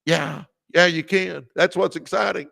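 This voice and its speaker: A man from Texas, United States, hosts a livestream as a motivational speaker, giving a preachy talk full of repeated phrases, calling listeners "baby" and greeting viewers by name. His fairly high voice is creaky and sharp, fairly even in intonation and a little slow. The sound is clean studio audio with no echo.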